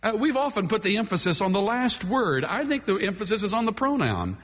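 A man's voice: high-pitched, sing-song, fairly quick, fairly bright tone. A man preaching a sermon from the pulpit, emphatic and dramatic, leaning hard on key words. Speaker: pastor. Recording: long hall reverb.

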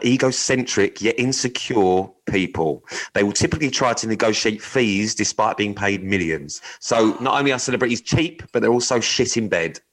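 A man's voice: fairly low pitch, a bit bright, low-quality recording. A man co-hosting a podcast, chatting bluntly with plenty of swearing and reading odd news items aloud with his own asides. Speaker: podcast co-host. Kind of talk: casual chat.

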